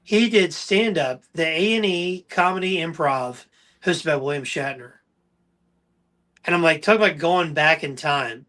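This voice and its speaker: Bright-voiced enthusiastic male podcast host. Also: a little high, a little slow. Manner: enthusiastic storyteller. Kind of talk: casual chat.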